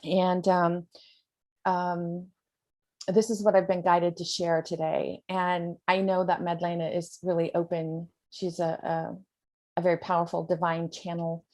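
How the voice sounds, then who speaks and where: A woman's voice: fairly low pitch, level tone, unhurried, darkish tone. An American woman, a spiritual coach, speaking earnestly and rambling with fillers on a video call. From United States.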